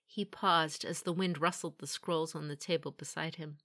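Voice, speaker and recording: Bright-voiced woman narrating fantasy. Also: deep voice, normal speed. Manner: steady, even storytelling. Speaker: audiobook narrator.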